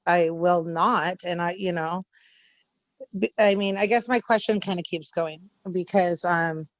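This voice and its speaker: A woman's voice: on the low side, unhurried, no room sound, poor audio. A woman from the audience asking a question hesitantly, with many restarts.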